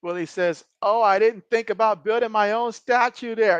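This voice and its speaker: A man streaming a game, giving casual play-by-play, reading viewer chat and joking often, getting excitable on big plays. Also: high voice, moderate pace, few pauses, clear, resonant tone, dry recording, highs cut off. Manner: jokey, excitable, often laughs. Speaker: live-stream sports commentator.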